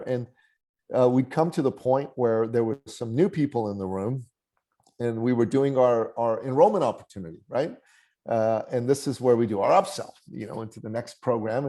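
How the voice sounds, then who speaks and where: A man in his forties, a podcast guest, telling a personal story in conversation and acting out the voices of the people in it. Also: mid-range voice. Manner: animated storyteller who acts out quoted voices.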